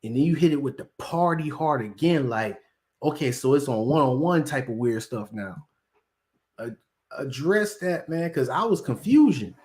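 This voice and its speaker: The commentary host here has a mid-range, expressive voice with a darkish tone and speaks at normal speed. He rambles casually in slang and performs quotes from the people he talks about.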